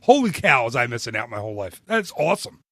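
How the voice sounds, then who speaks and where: A man co-hosting a podcast, chatting casually and telling a lively story with frequent restarts. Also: mid-range voice, quick pace, no room sound, studio quality. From northern United States. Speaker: podcast co-host. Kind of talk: casual chat.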